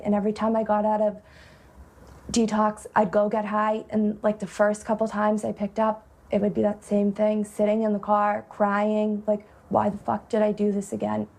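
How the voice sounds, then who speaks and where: A woman's voice: mid-range voice, a little mellow. A woman, speaking candidly in a documentary interview and often filling her speech with "like". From Massachusetts, USA. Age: 20s. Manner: candid, heavy use of "like". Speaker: interviewee in recovery.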